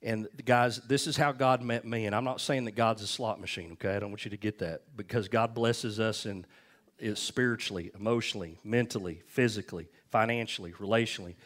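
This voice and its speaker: With a fairly low, fairly bright voice and fairly even intonation, this pastor preaches briskly. His sermon is conversational and full of personal stories, punctuated by frequent "amen?" and "okay?" asides to the congregation.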